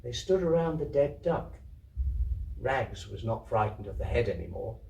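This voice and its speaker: A man giving a slow, measured live reading of a literary story at a community festival hall. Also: medium pitch, big pitch swings, vocal fry, mellow, slight background noise. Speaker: reader. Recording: roomy, distant hall recording.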